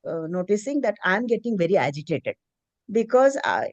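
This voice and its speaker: A woman's voice: mid-range voice, very animated, moderate pace, no room sound, muffled recording. A middle-aged woman, earnestly telling a personal story on a video call in a hesitant, emotional way. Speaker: meeting participant, preschool teacher.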